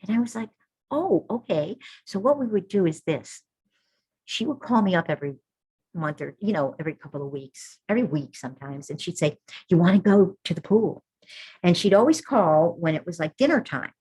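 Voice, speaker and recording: A middle-aged woman with a low, slightly husky voice talks about her work as a birth keeper. She speaks earnestly and informally and often pauses for a reassuring "all right" or "okay". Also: lively intonation, a little mellow, low-quality recording. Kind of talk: informal talk to an audience.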